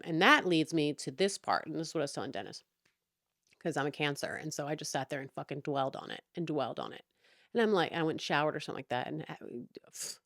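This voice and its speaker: A woman's voice: on the low side, no echo, clean studio sound. Profane, heated young woman venting. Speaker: podcast host. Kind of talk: casual storytelling rant.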